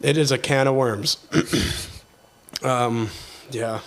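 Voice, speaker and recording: Man, podcast host, casual chat, chatty, laughs a lot, mid-pitched voice. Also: slow pace. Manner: chatty, laughs often, animated retelling. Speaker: podcast host, theatre technician.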